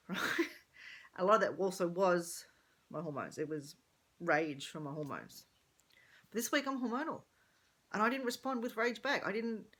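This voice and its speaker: A woman's voice: on the low side, fairly bright tone. A middle-aged woman talking candidly in a rambling personal vlog, thinking aloud and correcting herself as she goes. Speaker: vlogger.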